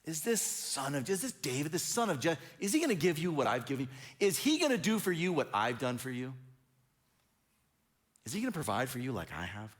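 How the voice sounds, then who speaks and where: A man's voice: a little high, very animated, fairly quick. A man voicing a paranoid, jealous king who fires off accusing, self-pitying questions. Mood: aggrieved.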